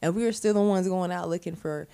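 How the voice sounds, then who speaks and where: Woman, podcast host, low voice, blunt, candid, sarcastic, swears, casual chat. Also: quick pace, smooth. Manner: animated, sarcastic asides. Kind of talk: casual conversation.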